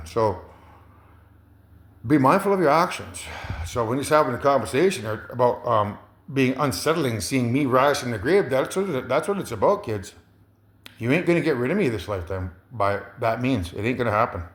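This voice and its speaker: A man's voice: mid-range voice, animated, moderate pace, fairly bright tone. A man talking in a rambling monologue, hesitant, with many fillers, repeats and chuckles. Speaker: commentator. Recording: roomy echo.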